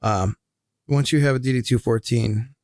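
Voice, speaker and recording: A man's voice: medium pitch, normal speed, darkish tone, dry recording, studio quality. A man who is an army veteran, a podcast guest talking bluntly and casually and swearing freely. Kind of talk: casual chat. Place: podcast studio.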